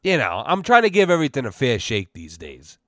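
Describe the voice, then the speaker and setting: A man from Massachusetts hosts a casual storytelling podcast, rambling along with constant fillers and a steady stream of curse words. His voice comes through smooth and clear, recorded dry and close with no room sound. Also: mid-range voice, fairly quick, dry recording. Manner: rambling, profane, heavy use of fillers. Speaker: podcast host.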